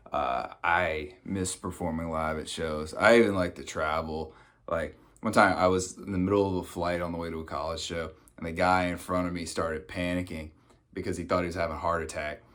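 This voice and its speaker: Very deep-voiced man telling stand-up stories. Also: steady tone, moderate pace, fairly bright tone. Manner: conversational storytelling, acts out quoted people. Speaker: stand-up comedian. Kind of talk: stand-up comedy set. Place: home, recorded for a virtual show.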